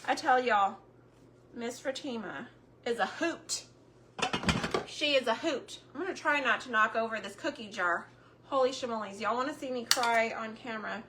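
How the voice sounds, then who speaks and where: A middle-aged woman chatting casually on a homemaking livestream, searching for words between fillers, her throat a bit hoarse. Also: on the high side, normal speed, background noise. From Texas. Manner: chatty, warm Southern drawl with frequent fillers and word searches.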